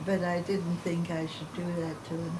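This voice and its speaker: A woman's voice: on the low side, level tone, moderate pace, a little mellow. A woman in her eighties, a chatty storyteller who laughs between her anecdotes in an oral history interview. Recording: distant mic with background noise.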